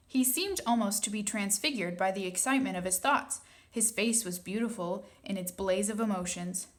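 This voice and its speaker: A woman narrating a children's book in a calm, soft storytelling manner. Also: mid-range voice, moderate pace, hardly any pauses. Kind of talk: audiobook reading.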